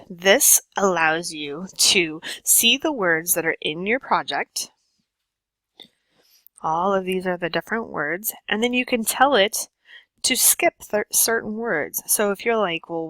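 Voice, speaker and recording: Bright-voiced woman teacher, step-by-step tutorial. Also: lowish voice, dry recording, low-quality recording. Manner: patient step-by-step instruction with frequent ums. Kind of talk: screen-share tutorial lesson.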